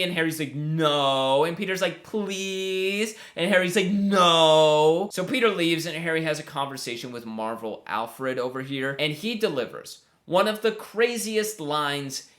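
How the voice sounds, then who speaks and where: A man giving a comedic movie recap, animated and joking, acting out the characters' lines. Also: a little high. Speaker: film commentary YouTuber.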